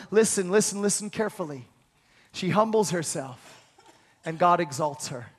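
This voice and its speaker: A man preaching a sermon, swinging between hushed lines and shouted ones and leading the congregation in call-and-response. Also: high-pitched, animated, moderate pace, long reverb tail. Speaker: pastor.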